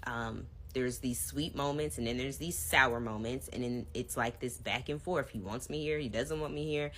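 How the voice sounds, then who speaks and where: A woman with a notably low, deep voice tells her own story in a relaxed storytime vlog. She chats directly to her viewers. Her delivery is casual and conversational. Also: normal speed, slight background noise. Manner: chatty, addresses viewers directly.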